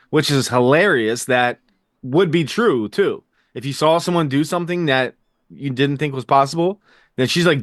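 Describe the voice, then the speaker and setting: A man hosting a casual TV recap chat, energetic and jokey, with quick fast-talking asides, recorded indoors. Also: medium pitch, no echo, studio quality. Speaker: podcast host.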